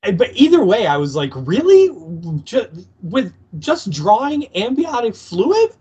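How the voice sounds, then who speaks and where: A man's voice: very high voice, big pitch swings, unhurried, a little mellow, slightly rough, muffled recording. A man co-hosting a podcast, chatting about an episode in an incredulous tone and often restarting his sentences. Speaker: podcast co-host. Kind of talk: casual episode recap chat.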